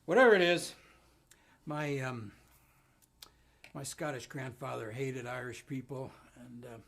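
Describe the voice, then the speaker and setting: A man's voice: mid-range voice, unhurried, creaky, a bit bright. A man, a folk musician on a live stream, introduces a song in a rambling, self-deprecating way full of ums. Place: home studio. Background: guitar.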